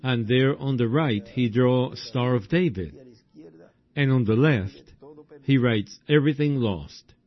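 A man preaching a sermon in a slow, drawn-out way, breaking into exclamations. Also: mid-range voice. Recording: dull lo-fi recording.

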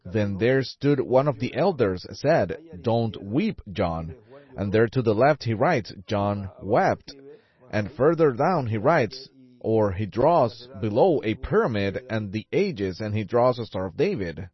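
Fervent preacher, lively pitch, lo-fi. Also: male voice. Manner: fervent, rising exclamations, drawn-out emphasis. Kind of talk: sermon. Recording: dull lo-fi recording.

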